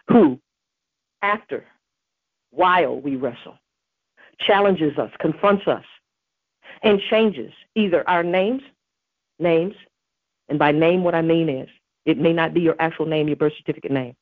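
A woman's voice: low-pitched, dry recording, phone-quality sound. A woman hosting a devotional podcast, preaching earnestly and emphatically and quoting scripture. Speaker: podcast host.

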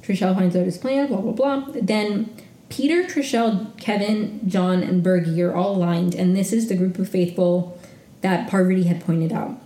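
A woman hosts a solo podcast in a loose, gushing way, with "like" everywhere. Her voice is mellow and relaxed, sitting mid-pitch. The room around her rings a bit. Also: normal speed, echoey room. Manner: chatty and gushing, peppered with "like". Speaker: podcast host recapping reality TV. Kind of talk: casual solo recap.

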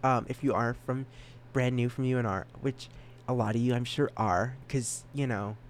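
A man's voice: medium pitch, steady tone, moderate pace, a little hiss or hum. A young man hosting a solo podcast, rambling and giggling at himself, with a stutter. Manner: rambling, giggly, self-mocking. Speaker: podcast host.

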